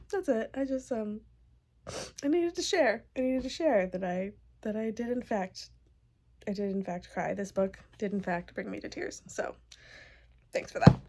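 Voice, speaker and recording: A young woman book vlogger chats casually, crying happy tears as she gushes emotionally and peppers her talk with "like." Her mid-range voice has a dark tone and moves at a moderate pace.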